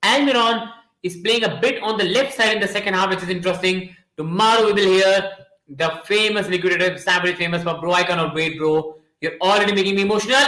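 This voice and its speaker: A young man hosting a live football watchalong, commentating excitedly to his chat and shouting at goals. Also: sits high, quick pace, roomy sound, poor audio. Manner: excitable, repeats names and "guys", shouts at goals.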